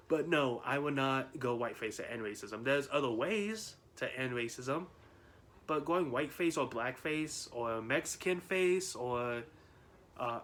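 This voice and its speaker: A man's voice: mid-range voice, animated, measured pace, a bit bright. Rambling, laughing man vlogger. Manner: rambling, laughs often, many restarts and fillers. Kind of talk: casual chat to camera.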